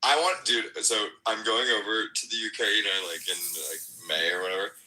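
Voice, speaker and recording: A young American man chatting loosely on a podcast, laughing and cursing as he goes. His voice sits low but has a very bright, cutting edge. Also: a little fast, low-quality recording. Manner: loose, laughing, swears a lot. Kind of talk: casual podcast chat.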